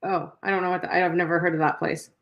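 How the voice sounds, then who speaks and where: A woman with a mix of Texas, Boston and Canadian accents, chatting casually, excitable and swearing a lot. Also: on the low side, fast talker, highs cut off. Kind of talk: casual chat.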